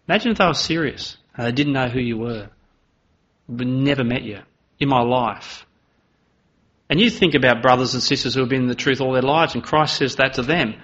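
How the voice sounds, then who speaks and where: A man's voice: mid-range voice, fairly quick, fairly bright tone. A man preaching a sermon in an earnest manner, voice rising dramatically when he acts out quoted lines. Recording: slightly dull, lo-fi sound.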